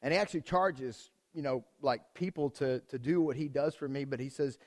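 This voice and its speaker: A man preaching a conversational sermon to his congregation, energetic and speaking to them directly, often repeating himself and restarting phrases. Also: medium pitch, fairly quick. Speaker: pastor.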